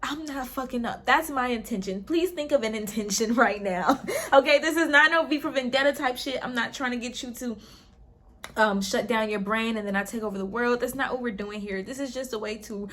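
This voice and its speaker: A woman's voice: on the high side, fairly quick, fairly bright tone. A woman in her twenties hosting a show, giving a casual, slangy spiritual pep talk and leading a guided meditation with frequent laughter. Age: 20s. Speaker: host.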